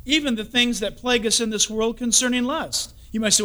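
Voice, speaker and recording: A man's voice: extremely high pitch, a little fast, few pauses. A man preaching a sermon, telling stories and jokes and acting out the people in them. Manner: animated storytelling, acts out characters in the story.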